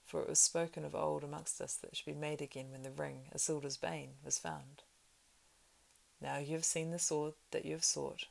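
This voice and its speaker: A woman voicing a grave, weathered male ranger of royal descent in a read-aloud story, measured and solemn. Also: deep voice, little pitch movement, gravelly, exaggerated voice.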